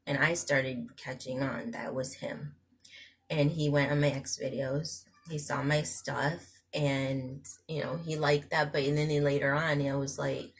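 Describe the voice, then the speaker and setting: A woman's voice: rumbling low, fairly even intonation, unhurried, husky. A young woman vlogging a rambling, emotional personal confession, full of restarts and asides.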